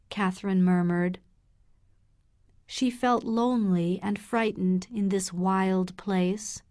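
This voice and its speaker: Very slow, careful female storyteller. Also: medium pitch. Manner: clear, careful, deliberate. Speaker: audiobook narrator. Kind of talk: slow graded-reader narration for learners.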